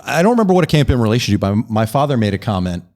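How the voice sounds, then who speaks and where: Fast-talking joking man in his forties. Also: mid-range voice, very animated, darkish tone. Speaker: podcast host. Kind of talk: casual chat.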